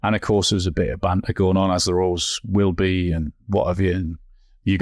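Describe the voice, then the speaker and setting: A man co-hosting a casual chat, telling stories in an unhurried, halting way. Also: sits low, flat delivery, darkish tone, no room sound, studio quality. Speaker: podcast co-host.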